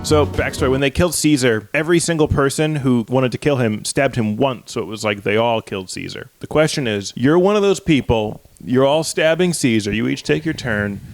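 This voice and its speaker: A man's voice: mid-range voice, expressive, fairly quick, hardly any pauses, no room sound, faint music behind. A man co-hosting a comedy podcast, chatting casually and slipping into silly character voices. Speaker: podcast co-host.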